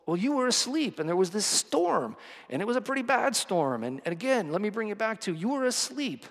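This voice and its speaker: A man voicing a group of panicked fishermen disciples, protesting in a high, flustered voice, with long hall reverb. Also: sing-song, brisk, exaggerated voice.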